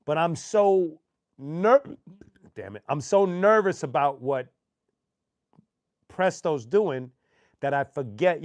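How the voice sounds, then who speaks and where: Male host, raised pitch, dry close sound; loose, profane, animated storyteller. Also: takes it slowly, pauses often, no echo. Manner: profane, animated anecdote telling with slang. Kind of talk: casual storytelling.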